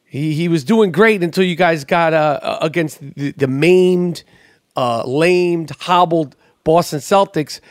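A man hosting a podcast in casual sports chat, animated, stammering through restarts and swearing freely. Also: on the high side, unhurried, dry recording, clean studio sound. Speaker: podcast host.

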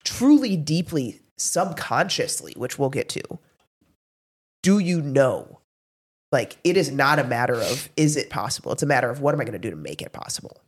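A woman co-hosting a casual podcast, talking in a lively, animated way that swings widely in pitch. She is in her thirties and tells stories with quick asides and bursts of laughter. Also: slightly rough. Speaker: podcast co-host. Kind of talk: casual chat.

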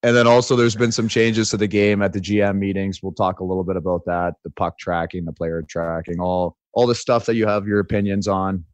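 A man in his forties co-hosts a podcast in loose, joking chat, telling stories full of "like" and "right?". His voice sits fairly low and is recorded close on a studio mic with no room sound. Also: fairly even intonation, a little fast, few pauses, no room sound. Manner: joking, storytelling, says "like" and "right?" often. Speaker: podcast co-host. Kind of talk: casual chat.

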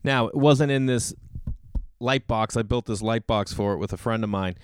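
A man telling a casual personal story, animated, slipping into the voices of the people he quotes. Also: fairly low pitch, moderate pace, smooth, dry recording, clean studio sound.

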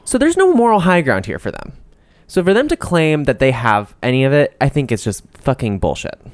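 A man talking in a loose, rambling way, getting heated and profane as he goes. His voice is smooth and even, at a middling pitch, recorded close and dry with no room sound. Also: a little fast, dry recording. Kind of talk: casual chat about celebrity gossip.

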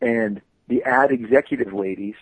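A man on a podcast as a guest, telling stories about his work in a lively, animated way, full of stammered restarts. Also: medium pitch, moderate pace, slightly rough, no room sound, rough recording. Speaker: podcast guest, comic artist. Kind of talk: casual storytelling.

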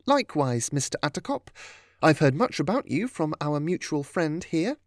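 A man's voice: on the high side, sing-song, normal speed, dry recording, clean studio sound, pitched above the performer's own voice. A man voicing a refined, courteous woman governess in a storybook reading. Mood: polite. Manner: genteel, courteous.

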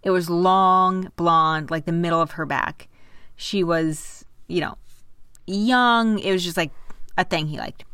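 A young woman co-hosting a casual chat, telling a story in an animated way and swearing freely. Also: fairly low pitch, no room sound, studio quality. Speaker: podcast co-host, storyteller.

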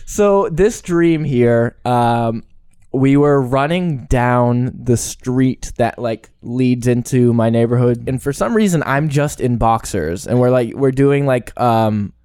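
A man's voice: mid-range voice, slow, warm tone, smooth, dry recording, clean studio sound. A young man hosting a casual podcast, joking and telling a long story with frequent laughs. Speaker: podcast host.

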